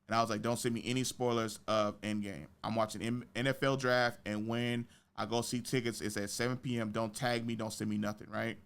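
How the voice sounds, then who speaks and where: A man's voice: a little fast, few pauses, clean tone. A young man hosting a podcast, telling stories in casual chat with slang and profanity. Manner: animated storytelling with big pitch jumps in quoted reactions. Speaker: podcast host.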